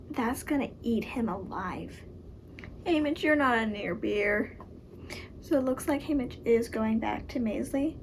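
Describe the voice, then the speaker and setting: A young woman chatting casually as she reacts to a book she is reading, emotional and quick to exclaim. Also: a little high, a little mellow, slight background noise, poor audio. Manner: emotional, exclaims and gasps at the story.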